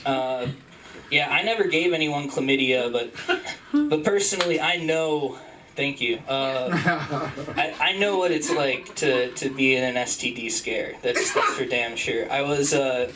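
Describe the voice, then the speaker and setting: A young man from Utah doing rambling, self-deprecating stand-up at an open mic, jumping into high squeaky voices for the people he quotes. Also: unhurried, recorded from a distance, noisy background. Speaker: stand-up comedian. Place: comedy club stage.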